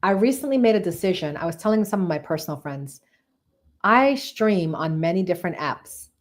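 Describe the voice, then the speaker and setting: A woman with a slightly low voice hosts a live tarot reading. She talks to her viewers in a chatty, enthusiastic way and repeats phrases for emphasis. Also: animated, brisk. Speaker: tarot reader and live-stream host.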